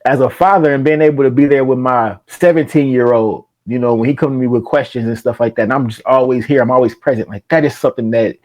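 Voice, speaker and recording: A middle-aged man hosting a casual interview, telling stories in a lively, slangy way and laughing often. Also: mid-range voice, quick pace, hardly any pauses, poor audio. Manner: animated storyteller, slangy and laughing. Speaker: podcast host.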